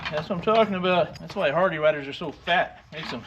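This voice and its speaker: A man's voice: fairly high pitch, fast talker, dull audio, heavy background noise. Wisecracking older man tinkering with a bike. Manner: wisecracking, blunt, explains as he works. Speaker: motorcycle restorer. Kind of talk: casual how-to narration while working.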